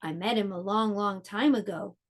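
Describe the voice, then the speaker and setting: A woman voicing a large old father Gruffalo in a storybook read-aloud, slowly warning his child. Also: mid-range voice, lightly acted.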